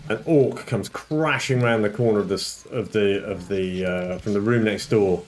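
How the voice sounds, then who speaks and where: A man running a tabletop game as game master, relaxed and chuckling, often clearing his throat. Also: fairly low pitch, a little slow. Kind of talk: narrating a tabletop game over a call.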